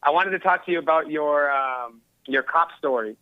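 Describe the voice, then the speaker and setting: A man's voice: a little high, normal speed, clear, resonant tone, no echo, phone-quality sound. A male caller on a phone-in show, talking in a casual, rambling way with lots of fillers. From Los Angeles area. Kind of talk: phone-in conversation.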